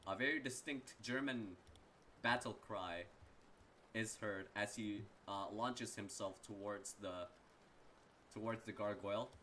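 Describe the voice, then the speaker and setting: Bright, rambling male game master. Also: on the low side, unhurried, slight background noise. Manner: loose, profane, rambling narration. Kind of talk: narrating a tabletop game.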